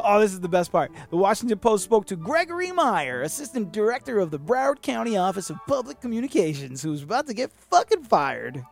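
A man's voice: sits high, a little fast, gravelly, hardly any pauses, soft background music. A man hosting a podcast, raised in Miami, giving sarcastic, profane comedic commentary on the news. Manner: animated, sarcastic, swears a lot. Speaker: podcast host.

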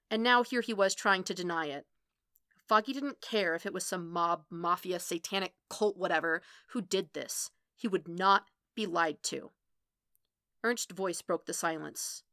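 A woman narrating a fan fiction audiobook with expressive reading that quickens in the tense passages. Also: on the low side, no echo, clean studio sound. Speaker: podfic reader.

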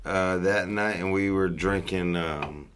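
A man's voice: low-pitched, takes it slowly, clean tone. A Southern US man telling a story in casual chat, rambling and profane, with laughter breaking in.

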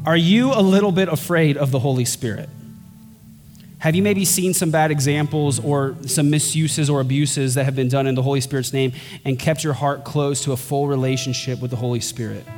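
A pastor preaching a sermon, earnest and emphatic, his voice climbing higher on key points. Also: steady tone, fairly quick, a little mellow. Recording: long hall reverb with faint music.

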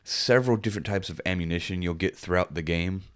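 Deep-voiced male podcast co-host, loose rambling chat, lots of ums. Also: fast talker, clean tone. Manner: relaxed, rambling, frequent fillers. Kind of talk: casual chat.

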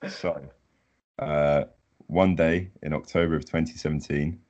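A man with a strikingly low voice, a guest on a casual podcast. He chats in an easygoing, self-deprecating way. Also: steady tone, a little slow, a little mellow, muffled recording. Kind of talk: casual chat.

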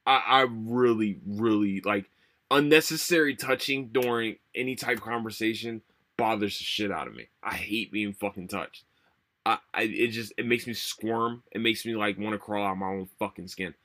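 A young man hosting a solo podcast, rambling and swearing a lot, tired and low on energy. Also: moderate pace, sharp tone. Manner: profane, rambling, repeats himself. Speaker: podcast host. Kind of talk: casual solo podcast rant.

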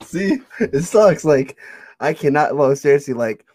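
A man's voice: on the high side, expressive, measured pace, a little mellow, no room sound. A young man hosting a casual interview, joking about himself and laughing often. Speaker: podcast host.

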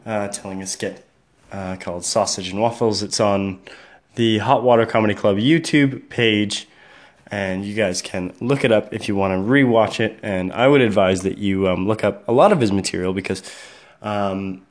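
A man's voice: on the low side, moderate pace. A man hosting his own podcast, closing the episode in a loose, hesitant way with many fillers. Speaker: podcast host. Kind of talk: casual podcast sign-off.

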